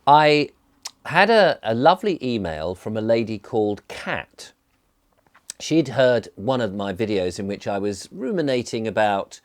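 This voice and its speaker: Deep-voiced well-spoken English man. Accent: southern English, near-posh. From England. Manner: rambling, genial, well-enunciated. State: groggy with a cold. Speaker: vlogger. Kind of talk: sit-down vlog chat. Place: indoors, seated.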